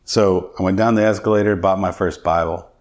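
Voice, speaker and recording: A man's voice: deep voice, steady tone, brisk. A middle-aged man, a podcast guest, telling his personal testimony in an earnest, reflective way.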